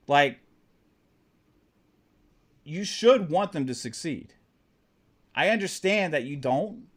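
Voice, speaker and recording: A man's voice: on the high side, a bit bright. Fired-up man ranting to his audience. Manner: impassioned, profane ranting; talks straight to the audience. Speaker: gaming channel host. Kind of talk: live-stream commentary.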